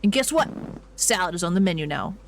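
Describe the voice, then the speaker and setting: A man's voice: sits high, lively intonation, fast talker. A man voicing a cheerful male coworker in a video game, using a made-up accent. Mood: chirpy.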